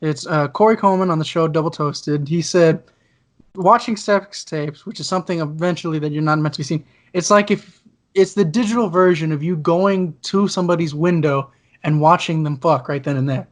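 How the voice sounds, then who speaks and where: A man's voice: on the high side, fairly quick. A man talking as a guest on a casual podcast over a video call, crude and joking, laughing often. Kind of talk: casual chat.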